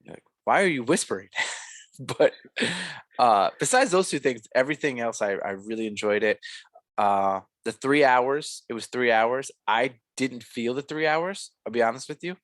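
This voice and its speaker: A man's voice: medium pitch, animated, unhurried, a bit bright, no echo. A young man co-hosting a podcast, reviewing a film in a rambling, casual way full of fillers and restarts. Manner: rambling, filler-heavy, self-correcting. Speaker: podcast co-host.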